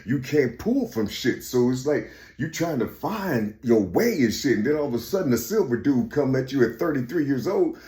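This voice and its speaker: A man in a rambling, profane monologue who keeps repeating "you see" and swings between loud outbursts and quiet muttering. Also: medium pitch, sing-song, moderate pace, hardly any pauses.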